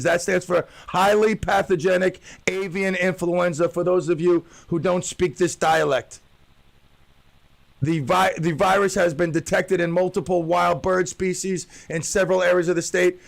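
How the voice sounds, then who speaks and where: Gravelly high-voiced joking radio host. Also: male voice. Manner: joking, rambling, playful tall tales. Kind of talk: solo radio talk show.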